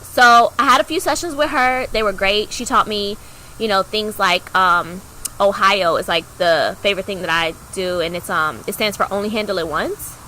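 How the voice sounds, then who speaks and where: A young woman co-hosting a podcast, telling a personal story in a chatty way, acting out the voices of people in it with big jumps in pitch. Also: normal speed, a little hiss or hum, rough recording. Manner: animated, acts out quoted dialogue with big pitch jumps; chatty, heavy use of "like" fillers. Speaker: podcast co-host.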